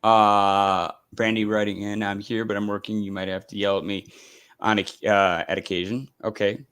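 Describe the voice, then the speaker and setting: A man's voice: fairly low pitch, little pitch movement, normal speed, fairly bright tone, clear, resonant tone, dry recording, low-quality recording. A man hosting a casual live stream, chatting in a rambling way with lots of fillers and restarts. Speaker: host.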